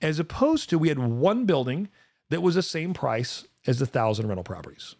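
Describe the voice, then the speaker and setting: A man's voice: fairly high pitch, very animated, normal speed, a little mellow, dry recording, studio quality. A man in his forties hosting an investing talk show, speaking emphatically and addressing his co-host directly. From rural United States. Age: 40s. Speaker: podcast host.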